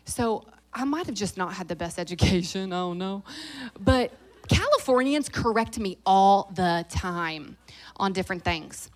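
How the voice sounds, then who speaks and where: Southern woman in her 30s, guest preacher, quick and jokey, hushed in prayer. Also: mid-range voice. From American South. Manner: lively, joking, fast-talking. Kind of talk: sermon.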